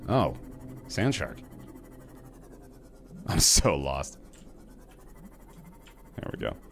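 Deep-voiced chatty male streamer. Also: big pitch swings, extremely slow, vocal fry, slight background noise. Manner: chatty, rambling, jumps to loud yelps when startled. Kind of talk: casual live-stream gameplay chat.

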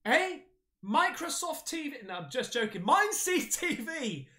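A man hosting an excited unboxing chat, excitable, with loud exclamations, calling everyone mate. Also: very high voice, a little slow. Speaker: paranormal YouTuber.

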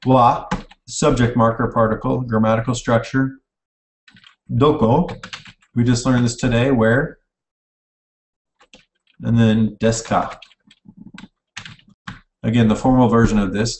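A man teaches in an easy, casual way, stopping now and then to correct himself. His voice sits at a middling pitch. He sounds a little distant from the mic in a roomy, echoing space, with keyboard typing behind him. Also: fairly even intonation, a little slow, pauses often. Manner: casual, self-correcting, types while explaining. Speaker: online language teacher. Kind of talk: informal recorded lecture. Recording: echoey room, mic at a distance.

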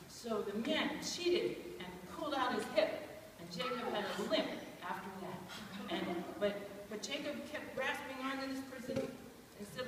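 A woman clown performing a story live for children, playful and animated, laughing between lines. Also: on the high side. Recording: echoey hall from far off, noisy.

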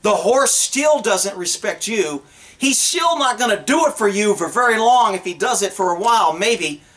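Plainspoken man with a high voice. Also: lively intonation, moderate pace, a bit bright. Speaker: horse trainer. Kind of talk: casual advice talk.

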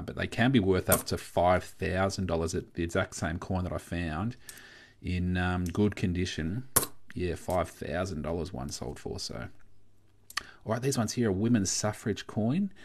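Relaxed Australian man, casual chat. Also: sits low, moderate pace, a little hiss or hum. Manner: relaxed, chatty, reads out viewer comments. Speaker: coin collecting livestream host. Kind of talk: casual live-stream chat.

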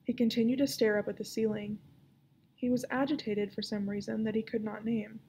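A woman librarian reads a children's novel aloud with expressive storytelling. Her voice is gravelly and mellow, with a slightly raised pitch. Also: a little fast, slight background noise.

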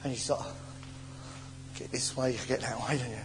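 An English man preaching a sermon in a church, telling stories with animated stammers and sighs. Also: medium pitch, brisk. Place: church hall. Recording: old church sermon tape in a reverberant hall with faint hiss.

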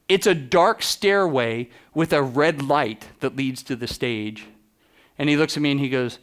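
Smooth-voiced man telling stage anecdotes. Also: mid-range voice, moderate pace. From United States. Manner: lively anecdotes, acting out quoted exchanges. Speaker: photographer giving a keynote. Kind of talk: storytelling keynote talk. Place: conference stage.

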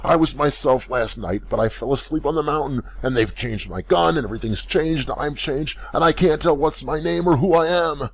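A bewildered old man, as a male narrator puts him on, cries out in a raised, loud voice. He sounds husky and confused, like a storybook character who has lost track of who he is. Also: fairly high pitch, normal speed, hardly any pauses, no room sound, voice pushed up. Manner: frantic, rising voice. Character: bewildered old man back after twenty years.

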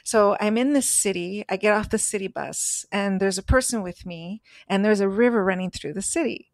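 A woman's voice: mid-range voice, normal speed, dry recording. A woman co-hosting a podcast, telling a personal story in an earnest, emphatic way. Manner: earnest, emphatic, acts out voices in stories. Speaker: podcast co-host.

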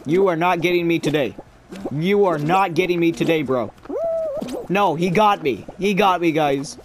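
A man's voice: a little high, normal speed, noisy background. A young man rambling and joking through casual gameplay commentary as a gaming video creator.

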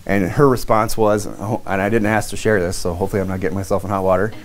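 A man's voice: sits low, steady tone, fast. Conversational male pastor preaching. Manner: conversational preaching with many fillers and restarts. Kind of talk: sermon.

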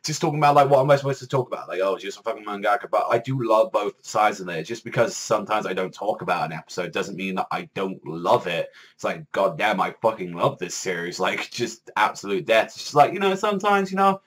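A man's voice: lowish voice, animated, fast talker, hardly any pauses, fairly bright tone. A man casually reviewing an anime episode, rambling and swearing a lot. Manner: rambling, heavy swearing, many "like" fillers.

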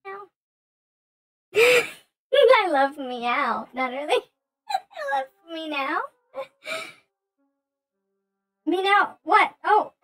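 A woman streamer putting on a squeaky, playful cat-girl voice, tacking meows onto her sentences between giggles. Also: big pitch swings, drawn-out words, pauses often, a bit bright, heavily acted, poor audio. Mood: silly. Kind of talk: casual livestream chat.

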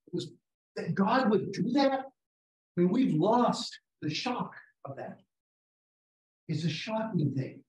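A man's voice: high-pitched, expressive, darkish tone. Man teaching a Bible class in a roomy hall. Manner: reads scripture aloud slowly, questions the class. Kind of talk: interactive Bible study lesson. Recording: roomy, distant mic, faint noise.

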